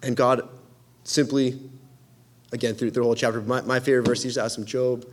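A man's voice: mid-range voice, flat delivery, brisk, long pauses, slight background noise. A young man preaching a casual, earnest sermon, enthusiastic and full of restarts.

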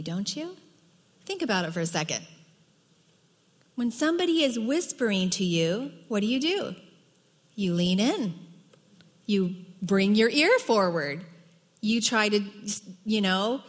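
A middle-aged woman teaching a women's Bible study in an earnest, emphatic way, dropping soft for quoted words. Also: medium pitch. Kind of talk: sermon. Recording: long hall reverb.

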